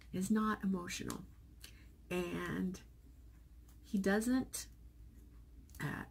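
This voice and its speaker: A middle-aged female vlogger with a medium-pitched voice and some vocal fry tells a family story in a personal vlog, with a little hiss or hum in the recording. She's chatty, open, and emotional, acting out the dialogue with animated voices.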